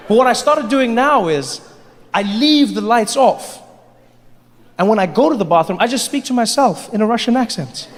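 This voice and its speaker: A man performing a stand-up comedy set, animated and playful, on a large theater stage. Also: very high voice. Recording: long hall reverb, faint noise.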